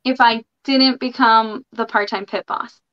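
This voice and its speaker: A woman's voice: fairly high pitch, fairly even intonation, a little slow. A woman guest on a casual podcast, talking about her work in an upbeat, candid way. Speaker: podcast guest, part-time pit boss. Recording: dull lo-fi audio.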